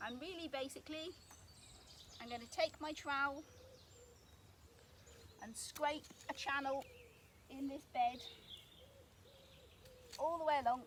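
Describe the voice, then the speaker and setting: Woman from the UK, high voice, chatty garden how-to vlog, recorded outside with birdsong and clicks. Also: fairly even intonation, measured pace, pauses often, a bit bright. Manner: chatty and explanatory. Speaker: gardening vlogger. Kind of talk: casual outdoor how-to vlog. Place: outdoor garden bed. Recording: outdoor noise, birds and clicks.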